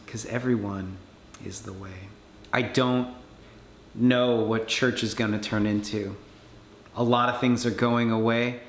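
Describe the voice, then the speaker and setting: Man telling a story with animated energy. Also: on the low side, measured pace, pauses often. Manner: animated storyteller, acts out quoted voices. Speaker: conference speaker. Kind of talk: storytelling talk. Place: conference hall. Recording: echoey room with faint background noise.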